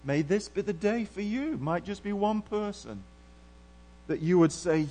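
A middle-aged man preaching a sermon earnestly, moving between hushed and emphatic passages. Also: sits high, lively intonation, a little slow. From England.

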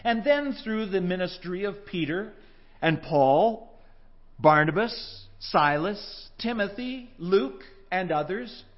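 A man's voice: sits high, lively intonation, slow. A man preaching a sermon, telling stories with animation and acting out the voices he quotes. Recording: dull lo-fi recording.

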